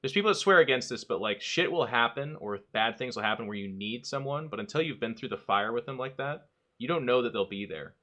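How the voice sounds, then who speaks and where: A man's voice: medium pitch, expressive, a little fast, a bit bright. A man hosting a podcast in casual chat, candid and rambling, often acting out quoted dialogue. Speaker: podcast host.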